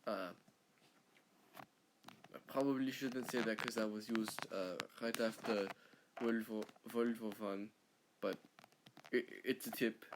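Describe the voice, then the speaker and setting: A man's voice: medium pitch, slight background noise, lightly acted. A man doing a rambling German guy. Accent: German, put on. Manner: rambling, stumbling, deadpan.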